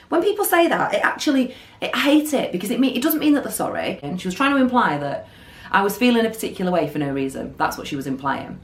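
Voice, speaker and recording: A woman telling an animated storytime vlog. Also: mid-range voice, quick pace. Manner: animated storytelling, acting out quotes. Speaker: beauty vlogger. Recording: roomy echo.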